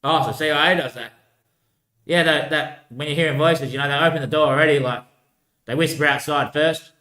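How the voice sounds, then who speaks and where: A slightly high, sharp-toned voice, brisk and fairly even in intonation, sounds reverberant here. The vlogger drifts through a loose solo monologue, repeating himself, tossing in "mate" and "bloody hell," laughing frequently.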